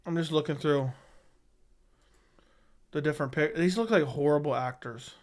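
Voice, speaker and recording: A man's voice: on the high side, normal speed. A man hosting a casual livestream, reading viewer comments and answering bluntly, often swearing and repeating himself. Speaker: MMA livestream host. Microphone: studio dynamic microphone.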